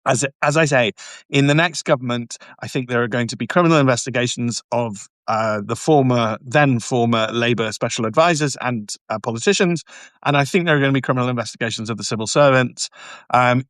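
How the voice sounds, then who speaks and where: Speaking fast and close to the mic, a barrister on a live stream responds to viewers' comments in a mid-range, fairly bright voice with no echo. He's emphatic and repeats himself, trips over words and starts again, and throws in sarcastic, mocking remarks.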